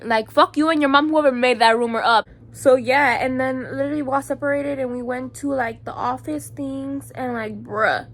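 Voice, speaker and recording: A woman's voice: high-pitched, fairly even intonation, moderate pace, a bit bright. A young woman with a Chicago accent telling a heated, profane storytime vlog, packed with "like" fillers. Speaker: vlogger.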